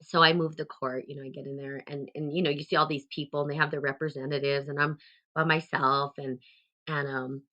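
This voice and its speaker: A woman hosting a casual talk, rambling along with many fillers and restarts, turning animated as she retells a story. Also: sits low, a little fast, lo-fi sound. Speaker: host.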